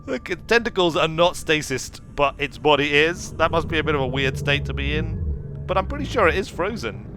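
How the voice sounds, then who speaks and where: A man's voice: fairly high pitch, sing-song, brisk, gravelly. A man streaming a video game, giving playful, whimsical commentary and chatting to the creatures he meets. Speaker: gaming streamer. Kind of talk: playful let's play commentary. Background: faint game music.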